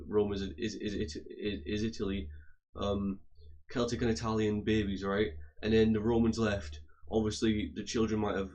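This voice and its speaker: A man's voice: lowish voice, darkish tone, slight background noise. A young man from England ranting casually to camera, rambling and argumentative, with lots of restarts and repeated words.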